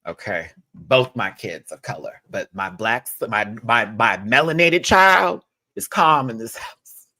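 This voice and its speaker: A young man giving casual, expressive commentary as a reviewer of a reality show, often swinging into high exclamations. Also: unhurried.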